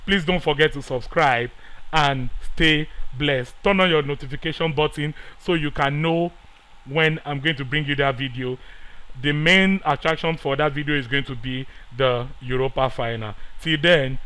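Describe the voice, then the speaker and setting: A man giving excitable live commentary over a football management game, swinging between quiet muttering and loud pleading outbursts. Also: a little high, moderate pace, clear, resonant tone, rough recording. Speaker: gaming YouTuber.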